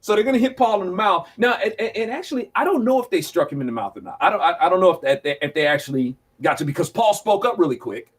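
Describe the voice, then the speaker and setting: A man hosting a casual Bible study, teaching in a lively, jokey way and acting out the scenes he reads. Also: high-pitched, fast, hardly any pauses.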